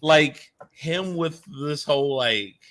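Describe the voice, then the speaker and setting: A man co-hosting a casual movie review, talking in a lively way and often acting out lines in quotes. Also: on the high side, takes it slowly. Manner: animated, mimics characters in quotes. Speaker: podcast co-host.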